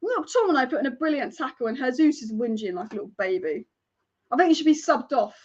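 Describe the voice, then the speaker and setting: A woman's voice: high voice, animated, quick pace. A young woman hosting a live football watch-along, chatting and reacting, swearing at the referee. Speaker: football fan channel host. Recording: slightly dull lo-fi stream audio.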